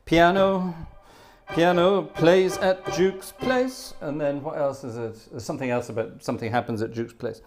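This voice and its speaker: Between pieces on his organ livestream, an older man chats casually at a moderate pace, his voice sitting on the high side. He rambles with self-deprecating humor, chuckles and starts over as he spins a playful story, doing little voices along the way.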